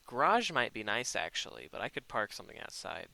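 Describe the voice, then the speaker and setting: A man's voice: on the low side, wildly swooping pitch, a little fast, gravelly, hardly any pauses, sharp tone. A young man giving casual, jokey commentary on his own gameplay, talking to himself with sudden exasperated outbursts. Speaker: gaming YouTuber.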